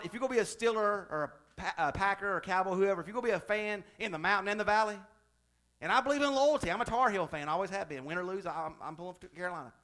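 A man's voice: high-pitched, bright, forceful tone. A male pastor delivering a sermon, moving from chatty, joking asides to fervent, emphatic preaching.

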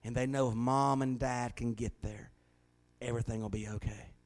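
A middle-aged man preaching a sermon, telling folksy stories that swing from hushed to loud. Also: medium pitch, steady tone, normal speed. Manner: folksy storytelling, shifting from hushed to shouting. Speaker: pastor.

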